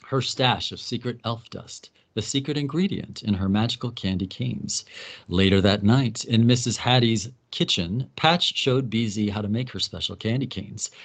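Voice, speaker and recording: Man, wry storyteller, comic plot recap, mid-pitched voice. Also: fairly bright tone.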